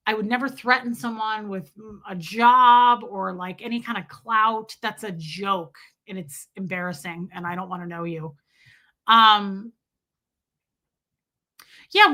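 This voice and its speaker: A woman's voice: on the high side, pushed and bright. A young adult woman hosting a casual livestream, chatting emphatically and reading viewer super chats. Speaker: livestream host.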